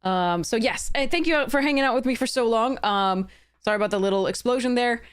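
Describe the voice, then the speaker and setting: A woman's voice: fairly high pitch, brisk, smooth. A woman game streamer chatting live with her viewers, earnest and heated, often stopping to apologize.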